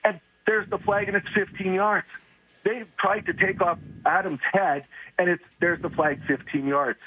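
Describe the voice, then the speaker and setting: A hoarse man calling in to a sports radio show, angrily venting about his team and the league. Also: sits high, steady tone. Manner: furious, venting, rapid repetitive complaints. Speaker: caller. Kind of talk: angry fan rant on call-in radio. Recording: muffled phone line with faint noise.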